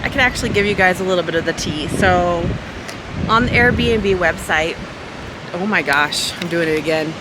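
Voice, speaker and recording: A woman's voice: fairly low pitch, quick pace, few pauses, heavy background noise. A woman vlogging outdoors by the ocean, holding the camera herself and telling a story in a chatty, exasperated way. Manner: chatty, animated, exasperated retelling. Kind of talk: casual vlog storytelling to camera. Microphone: handheld camera mic.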